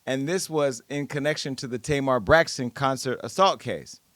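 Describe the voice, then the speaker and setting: A man hosts a podcast in loose, playful chat, laughing and swearing along the way. His voice sits in a middle pitch. The mic sound is close and dry. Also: normal speed, fairly bright tone, no echo. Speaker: podcast host. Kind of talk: casual chat.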